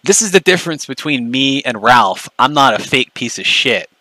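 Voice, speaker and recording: A man's voice: mid-range voice, animated, moderate pace, bright, forceful tone, dry recording, poor audio. A man ranting angrily on a livestream, profane, mocking and confrontational. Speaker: streamer. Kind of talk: angry livestream rant.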